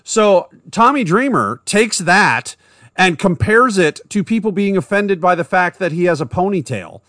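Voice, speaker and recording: A man's voice: sits high, animated, unhurried, fairly bright tone, no echo, clean studio sound. A man co-hosting a podcast in casual chat, blunt and indignant, careful about exact terms. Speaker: podcast co-host.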